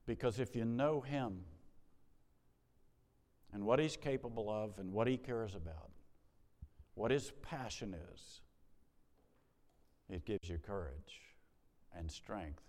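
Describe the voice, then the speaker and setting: Low-voiced male pastor in a reverberant hall. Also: slow pace, pauses often. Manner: storytelling, swings between soft hush and emphatic rises. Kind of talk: sermon.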